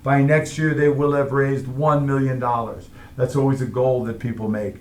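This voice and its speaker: A man's voice: medium pitch, level tone, normal speed. A middle-aged man teaching a Latin grammar lesson, explaining each form step by step and often checking in with "all right?".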